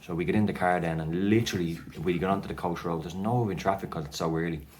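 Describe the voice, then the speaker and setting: A man's voice: deep voice, quick pace, a little mellow, slight background noise. An Irish man telling a personal story casually to camera, rambling with lots of fillers and restarts. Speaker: vlogger sharing his anxiety story.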